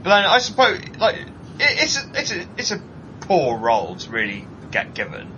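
A man co-hosting a casual chat show, ranting animatedly and mocking people in put-on high voices. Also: huge pitch swings, moderate pace, muffled recording, noisy background. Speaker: podcast co-host.

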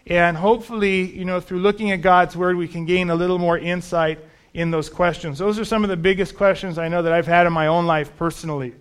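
Man, preacher, sermon testimony, conversational storytelling, somewhat high voice. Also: steady tone, a little fast, smooth. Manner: storytelling, conversational, self-deprecating.

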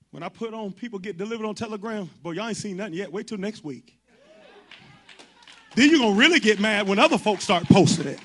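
A man's voice: high-pitched, pushed and bright. A man preaching a sermon to his congregation, impassioned and colloquial, driving his points home through repetition.

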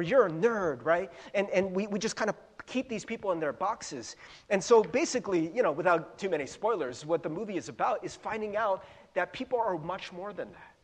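A middle-aged man preaching as a pastor in a church, in a chatty, self-deprecating way full of fillers and asides. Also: sits high. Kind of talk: casual sermon. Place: church sanctuary. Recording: long hall reverb.

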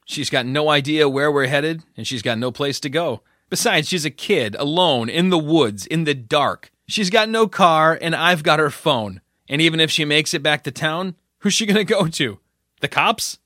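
A man doing a gruff, cocky small-town cop. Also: fairly high pitch, moderate pace, hardly any pauses, a bit bright, no room sound, clean studio sound, close to an everyday voice. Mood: dismissive. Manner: taunting, threatening.

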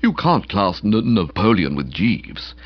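A man reading aloud, voicing an excitable upper-class young man who speaks eagerly and emphatically. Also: fairly low pitch, a little slow. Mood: dismissive. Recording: slightly dull lo-fi recording.

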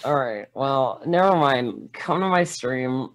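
A player in a tabletop game, speaking while having a cold, in an offhand, low-key way. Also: animated, slow. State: has a cold. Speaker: player and streamer. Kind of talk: casual chat.

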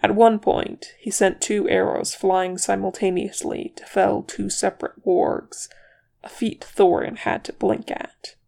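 A reader narrating fan fiction aloud in a steady, even manner. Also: medium pitch, unhurried, creaky. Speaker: audiobook reader.

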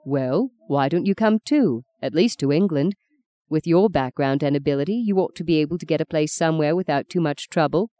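A woman doing a gentle, teasing young man. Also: low-pitched, fairly quick, no echo, studio quality, natural voice. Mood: calm. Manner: calm, good-humoured teasing.

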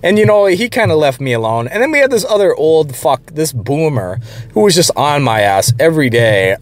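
A man's voice: a little high, big pitch swings, brisk. A young man telling a long workplace story in a blunt, profane, rambling way. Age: young adult. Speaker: channel host. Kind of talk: casual storytelling rant.

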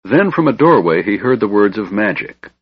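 A man reading a fantasy audiobook in a measured, dramatic narration. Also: on the low side, very animated, husky, no room sound. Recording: dull lo-fi recording, dry.

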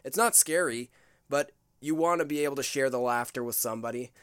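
A man's voice: medium pitch, a little fast, a bit bright, smooth, dry recording, studio quality. A man hosting a casual podcast, chatty and laughing between phrases. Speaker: podcast host.

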